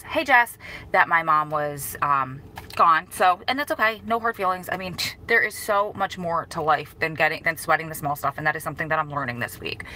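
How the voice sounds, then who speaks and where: Woman, 30s, vlogger, emotional, rambling, bright tense voice, slight background hiss. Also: sits low, poor audio. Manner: emotional, rambling, self-correcting, greets viewers mid-sentence. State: grieving, emotional. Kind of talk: casual live-stream update.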